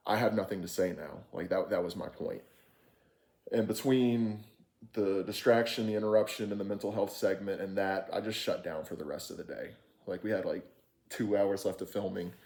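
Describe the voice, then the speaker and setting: A man's voice: fairly low pitch, a little mellow. A man telling a frustrated, candid story in a casual, rambling way, swearing freely and restarting his sentences often. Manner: rambling with frequent fillers and restarts. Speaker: vlogger recounting an experience.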